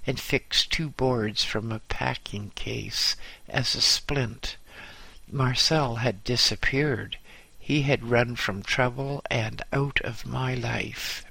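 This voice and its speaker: Slow, bright-voiced male memoir narrator. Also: mid-range voice, no echo, low-quality recording. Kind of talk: first-person memoir audiobook narration.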